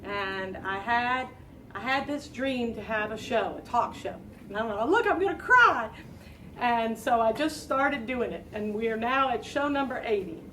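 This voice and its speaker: High-voiced woman in her late fifties, chatty. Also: normal speed, fairly bright tone, distant mic, slight background noise. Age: late 50s. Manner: chatty, rambling, self-deprecating storytelling. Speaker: talk show host. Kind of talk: casual chat to a live audience. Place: live talk show with a small audience.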